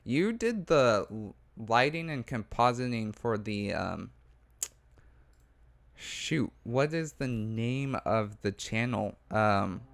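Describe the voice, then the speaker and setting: A man's voice: mid-range voice, expressive, slow pace. A man co-hosting a casual livestream show, reading viewer comments aloud and chatting back about them. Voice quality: gravelly. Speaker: talk show co-host.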